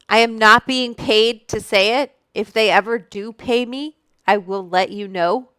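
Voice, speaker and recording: Slow, smooth-voiced woman rambling on a stream. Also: on the high side, a bit bright, dry recording, studio quality. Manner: rambling, chatty, reads out viewer names and swears freely. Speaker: livestream host. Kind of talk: casual livestream chat. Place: room at home. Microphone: studio microphone.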